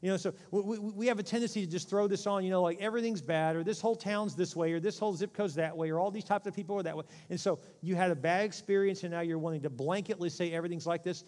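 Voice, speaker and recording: A man's voice: high voice, fast talker, hardly any pauses, a little mellow. A middle-aged man preaching a sermon as a pastor, in a conversational way that acts out quoted voices. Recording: long hall reverb.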